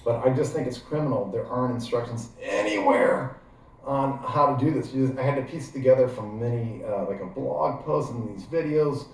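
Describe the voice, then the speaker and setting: A man's voice: mid-range voice, moderate pace. A man with a Midwestern American accent from Ohio, giving a chatty, digressive how-to demonstration full of fillers. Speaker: gear how-to vlogger. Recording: very echoey room, voice far from mic.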